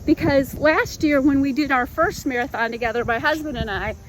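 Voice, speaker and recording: Breathless from her run, a fitness vlogger in her fifties speaks a little fast in a high-pitched voice, sharing a casual, sincere talk with viewers she calls y'all. There's slight background noise.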